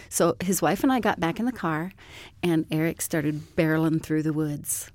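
A woman telling a personal story as an interview guest, in a calm and measured way. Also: low voice, dry recording.

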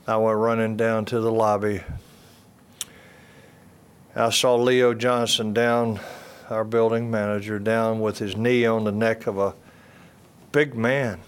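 A man's voice: fairly low pitch, smooth. An older man telling a personal testimony in an earnest storytelling way, repeating phrases and restarting sentences. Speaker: speaker giving a testimony.

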